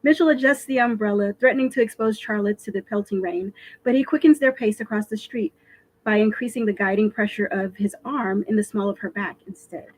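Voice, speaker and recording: A woman author reading her own fiction aloud in an expressive, animated storytelling voice for a virtual live stream. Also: mid-range voice, fairly quick, low-quality recording.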